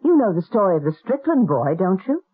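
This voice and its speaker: An actress playing a brisk, matter-of-fact woman in a 1970s radio drama, with a husky, low voice. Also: very animated. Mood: explaining. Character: brisk, practical woman of the household. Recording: lo-fi old radio broadcast.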